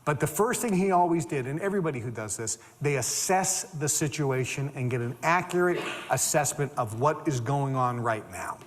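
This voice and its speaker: A man giving a motivational talk, emphatic and animated, repeating phrases for stress. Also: mid-range voice, normal speed, long reverb tail, slight background noise. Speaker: motivational speaker.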